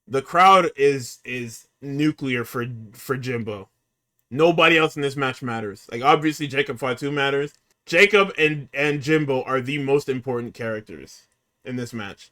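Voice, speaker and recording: A man hosting a casual podcast, recapping a show in an exasperated, profane and animated way. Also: a little high. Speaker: podcast host recapping wrestling.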